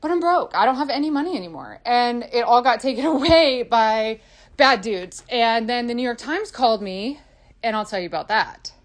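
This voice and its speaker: A female musician recounts her own life in a confessional monologue, cursing freely as she shifts between loud, angry outbursts and calmer passages. Her voice sits a little high, and she speaks in an animated way at a moderate pace.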